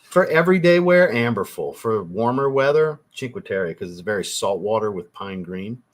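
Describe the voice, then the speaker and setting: This man's voice is on the lower side and very animated, moving at a moderate pace. He's hosting a casual livestream, reading viewer chat aloud and answering with teasing bluntness and casual swearing.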